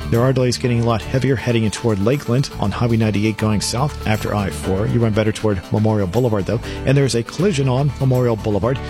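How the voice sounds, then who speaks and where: A man giving a brisk, even radio traffic report. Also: medium pitch. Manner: brisk, even newsreader delivery.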